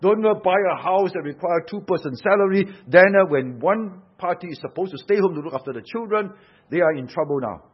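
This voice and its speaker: A man's voice: high voice, expressive, a little fast, breathy edge. A man preaching a sermon, emphatic, asking rhetorical questions and swelling and dropping his force. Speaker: pastor. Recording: dull lo-fi sound.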